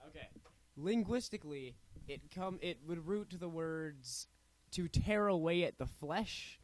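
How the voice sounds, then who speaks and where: A man's voice: a little high, lively intonation, a little slow, dry recording. A man on a casual panel chat, explaining where words come from in a lecturing way. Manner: explains word origins in a lecturing way.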